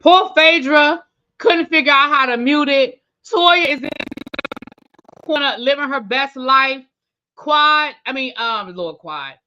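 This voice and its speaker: A woman's voice: high-pitched, measured pace, sharp tone, dull audio. A woman hosting a TV review channel, chatting casually and repeating herself for emphasis. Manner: chatty, emphatic repetition, Southern slang like y'all and baby. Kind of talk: casual recap commentary.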